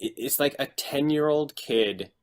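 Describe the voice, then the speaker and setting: A man co-hosting a casual podcast, retelling scenes in an animated, exaggerated way. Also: medium pitch, unhurried. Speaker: podcast co-host. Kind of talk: casual chat.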